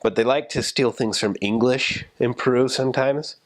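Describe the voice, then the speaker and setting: A man talking casually about language, explaining in a relaxed way with fillers. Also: mid-range voice, moderate pace.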